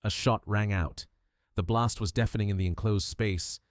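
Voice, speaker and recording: A man reading a mystery audiobook with measured, dramatic storytelling. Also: lowish voice, fairly even intonation, no room sound, studio quality. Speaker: narrator. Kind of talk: scripted audiobook narration of a mystery.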